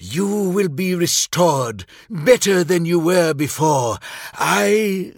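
A man voices a scheming male dark priest who burns with zeal. The figure speaks in a raised, impassioned pitch that sometimes drops to a hiss. The voice is slow and husky, recorded dry and close. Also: expressive, no room sound, full character voice. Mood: conspiratorial. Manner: impassioned, rising, hissing.

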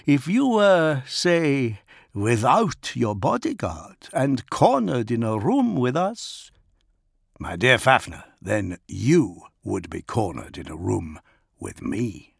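A man voicing a gruff, bold male warrior envoy, speaking in a raised, declamatory way. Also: mid-range voice, big pitch swings, takes it slowly, no echo, clean studio sound, full character voice. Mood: defiant.

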